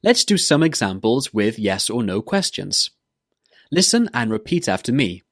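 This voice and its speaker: A man teaching an English pronunciation lesson, modelling words and questions slowly and carefully for listeners to repeat. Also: on the low side, big pitch swings, no echo, studio quality.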